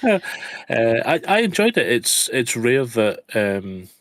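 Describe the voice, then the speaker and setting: A man co-hosting a reaction channel in casual chat, easygoing and quick to laugh. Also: mid-range voice, big pitch swings, a bit bright, no echo. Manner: easygoing, laughs often, rambling fillers.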